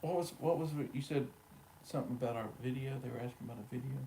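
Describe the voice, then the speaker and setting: A man co-hosts a relaxed live stream, talking straight to his viewers by name. His chat is easygoing and full of jokes, at a middle pitch. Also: rapid-fire, creaky. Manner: chatty, joking, talks to viewers by name.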